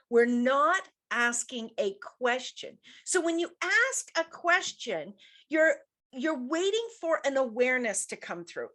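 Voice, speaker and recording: Middle-aged woman host, motivational coach, slightly high voice, emphatic and repetitive delivery. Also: fairly bright tone. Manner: emphatic, repeats key points, reads chat comments. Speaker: business coach hosting a show. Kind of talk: motivational talk show monologue.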